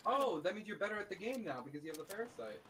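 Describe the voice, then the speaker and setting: A man's voice: high-pitched, animated, rapid-fire, recorded from a distance, noisy background. A man joking around with friends in casual chat while playing an online game. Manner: joking and playful. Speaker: gaming teammate. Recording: game sounds behind.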